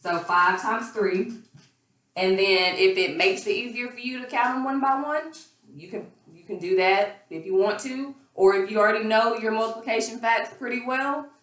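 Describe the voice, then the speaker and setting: A woman teacher with a slightly hoarse voice walks students through a math lesson patiently, pausing on fillers as she goes. She sits back from the microphone, and the room gives her voice a noticeable echo. Her pitch sits in an ordinary middle range. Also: fairly bright tone. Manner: patient, explains step by step with fillers. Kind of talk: recorded remote math lesson. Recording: echoey room, far from mic.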